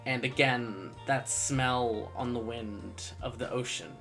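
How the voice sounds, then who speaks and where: A game master slowly narrating a tabletop game's dream scene, pausing often with fillers. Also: mid-range voice, fairly even intonation, music in the background. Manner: slow, halting narration with many fillers.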